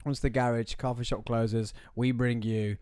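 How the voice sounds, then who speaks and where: A man's voice: mid-range voice, level tone, moderate pace, a little mellow, clean tone, no echo, studio quality. A man hosting a casual, jokey podcast chat and laughing often. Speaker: podcast host.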